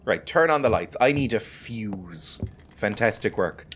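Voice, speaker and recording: Male gaming host, low voice with a lively swing, wry running jokes while he plays. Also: a little slow, slight background noise. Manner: wry, joking, talks to the game and to viewers. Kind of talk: casual let's-play commentary.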